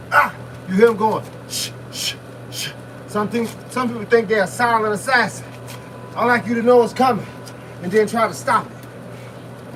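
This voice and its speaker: A man, a boxing fitness coach, live-streaming a workout outdoors in freezing wind, giving loud, punchy motivational talk while punching a heavy bag. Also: high voice. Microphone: phone camera set at a distance. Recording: distant phone mic with wind noise.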